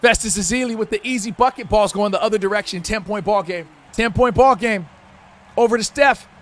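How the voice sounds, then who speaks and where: A man narrating his own basketball video game like a sportscaster, loud and slangy, shouting at big plays. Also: high-pitched, a little fast. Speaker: gaming YouTuber. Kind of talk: playful sportscaster-style play-by-play over a video game.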